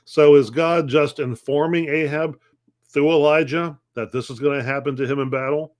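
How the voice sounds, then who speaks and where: A man's voice: fairly high pitch, fairly even intonation, moderate pace. A middle-aged man pastor teaching a conversational Bible lesson, posing questions and answering them, often restarting phrases. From United States.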